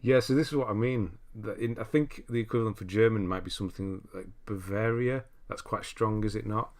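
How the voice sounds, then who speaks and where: A man's voice: on the low side, brisk, a little mellow. An English man from England hosting a livestream, chatting casually and reading viewer comments aloud with easy laughs and restarts. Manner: chatty, easygoing, laughs often, frequent restarts. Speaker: livestream host.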